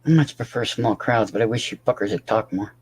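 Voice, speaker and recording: A man's voice: medium pitch, a little fast, darkish tone, breathy edge. A tired man rambling casually to his livestream chat, swearing often and talking to viewers by name.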